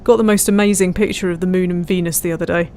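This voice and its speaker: A woman's voice: on the low side, fairly even intonation, fast talker, a little mellow. A woman streamer chatting casually while flying a simulator, giggling often and reading out viewers' messages. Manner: chatty, giggly, reads chat aloud. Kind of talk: casual live-stream commentary.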